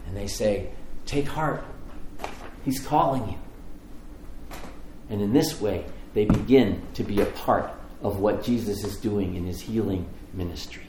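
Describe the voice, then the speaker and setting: A man's voice: on the low side, fairly even intonation, normal speed, hardly any pauses, background noise. A man preaching a sermon, telling the story with animation and acting out the voices in it. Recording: echoey room with faint ambience.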